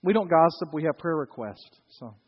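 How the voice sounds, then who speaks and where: A man's voice: on the high side, lively intonation, moderate pace, slightly rough. A male pastor preaching a sermon in a conversational, storytelling way with wry humor. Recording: dull, reverberant church recording.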